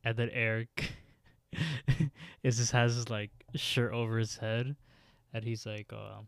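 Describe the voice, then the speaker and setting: A man's voice: mid-range voice, fairly even intonation, slow, vocal fry, dry recording, clean studio sound. A man co-hosting a podcast, retelling a story casually and laughing often. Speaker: podcast co-host. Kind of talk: casual recap chat.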